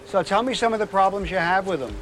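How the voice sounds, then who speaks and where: High-voiced man dog trainer, explains steps conversationally, outdoor street noise behind. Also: expressive, fast talker. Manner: chatty, explanatory, goes high and sing-song coaxing the dog. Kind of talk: on-location dog training demo.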